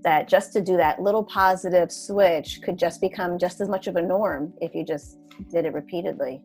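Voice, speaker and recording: A woman's voice: fairly low pitch, moderate pace, a little mellow, faint music behind. A woman hosting an interview, asking questions and affirming her guest in an encouraging way. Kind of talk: conversational interview.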